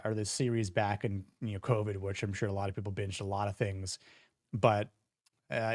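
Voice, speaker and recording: A man's voice: mid-range voice, no room sound, clean studio sound. A young man hosting a casual livestream show, rambling with many fillers and restarts. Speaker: podcast host.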